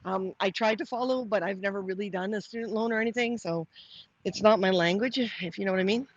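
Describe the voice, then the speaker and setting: A woman's voice: mid-range voice, fast, highs cut off. A middle-aged woman, chatting casually on a live stream while walking outdoors. She rambles, restarts often and answers viewer comments aloud. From Canada. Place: outdoors, walking to the post office.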